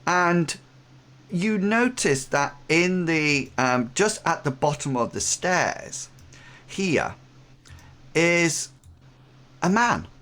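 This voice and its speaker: Slow, halting male game master. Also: a little high, big pitch swings, fairly bright tone. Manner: halting, with frequent pauses and fillers. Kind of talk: narrating an online tabletop game.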